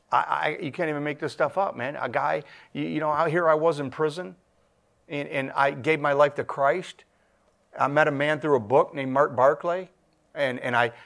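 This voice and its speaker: A man's voice: mid-range voice, gravelly, fairly bright tone. A middle-aged man giving a testimony at church in a sermon style, emphatic, repeating himself, his voice swelling and dropping.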